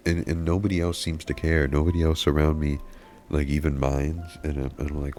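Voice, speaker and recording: Very deep-voiced man, rambling mock-serious story. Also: flat delivery, brisk, a little mellow. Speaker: video creator. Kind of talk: comedic storytelling monologue. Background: background music.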